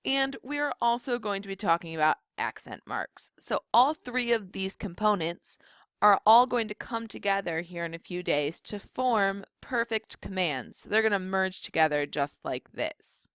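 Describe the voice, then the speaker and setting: A young woman teaching a recorded video lesson, explaining rules clearly and slowing down on key points. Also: mid-range voice, animated, a bit bright, no room sound, clean studio sound. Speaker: Spanish teacher.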